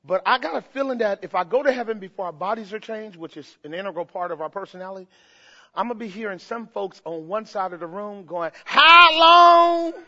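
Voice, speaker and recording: An older man, a pastor, preaching a sermon, swinging from quiet asides to shouted emphasis and playful mimicry. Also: high voice, fast, dull audio.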